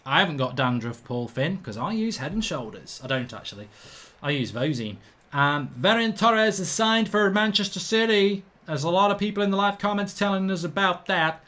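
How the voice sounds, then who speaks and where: A middle-aged man from England, slightly high-pitched, hosts a live football watchalong. He reads out viewer comments and talks bluntly and colloquially, ranting with indignation about bad refereeing decisions. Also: expressive, moderate pace, sharp tone.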